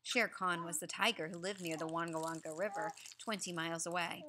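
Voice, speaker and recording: A woman reads a story aloud as a teacher, pausing to pose questions and give hints. Her voice is bright and clear, and her manner is patient and prompting. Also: lowish voice, steady tone, slight background noise. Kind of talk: reading aloud with questions to listeners.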